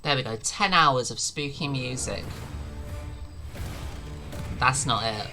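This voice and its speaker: A woman's voice: extremely low pitch, slow, gravelly, music in the background. A woman streaming her reactions to videos, mocking and sarcastic, swearing and laughing often.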